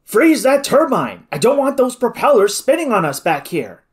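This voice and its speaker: A man's voice: on the high side, very animated, moderate pace. A man reading aloud, voicing a commanding male officer who gives orders in an urgent, clipped way.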